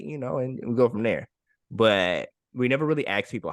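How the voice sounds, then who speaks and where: A man's voice: medium pitch, lively intonation, fast, dry recording. A man co-hosting a podcast, speaking in an encouraging way and repeating phrases for emphasis. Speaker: podcast co-host. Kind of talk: casual heartfelt chat.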